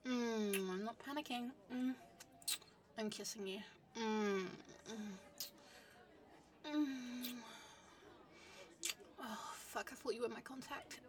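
A woman's voice: high-pitched, far from the mic. Flustered woman playing spy, whispering. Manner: flustered, swings between loud romantic gushing and hushed whispers. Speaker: narrator playing a spy to the listener. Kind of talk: comedic spy role-play monologue.

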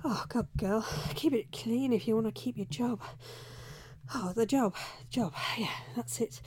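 A woman playing a flustered young undercover reporter in a whispered role-play, breathy and frantic, who keeps scolding herself and blurting curses. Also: fairly high pitch, measured pace, a little mellow, no room sound.

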